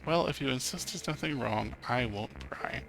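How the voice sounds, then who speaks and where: A man voicing a gentle, tired mother in a story game. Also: mid-range voice, normal speed, vocal fry, music in the background, natural voice. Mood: gentle, worried.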